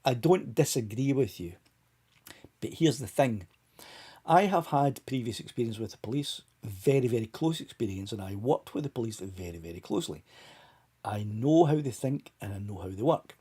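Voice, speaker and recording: Husky-voiced man hosting a live chat. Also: mid-range voice, expressive, normal speed, warm tone. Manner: chatty, talks straight to viewers by name. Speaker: live stream host. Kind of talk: casual live stream chat.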